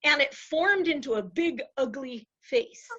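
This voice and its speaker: A woman's voice: high voice, animated, measured pace, bright, forceful tone, dull audio. A woman guest in a casual interview, telling stories animatedly and acting out voices, with frequent laughter.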